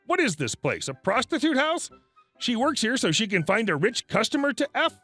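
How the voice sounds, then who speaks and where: A man reading as a loud, accusing saleswoman. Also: extremely high pitch, very animated, moderate pace, soft background music, pitched above the performer's own voice, heavily acted. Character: loud insulting woman sales clerk.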